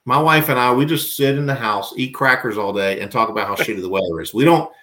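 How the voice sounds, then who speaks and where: Guy from virginia rambling on a podcast, jokey, trips over his words, middle pitch. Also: fast, background noise. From Virginia, US South. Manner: rambling, self-mocking, stammers restarts. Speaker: podcast guest. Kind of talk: casual interview chat.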